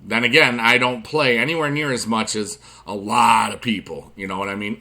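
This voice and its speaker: Male gaming host, bright tone, chatty rambling commentary with sudden loud bursts. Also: medium pitch, moderate pace, few pauses. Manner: rambling, chatty, drifts from quiet asides to loud excited bursts; addresses viewers directly with friendly advice. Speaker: YouTube gaming channel host.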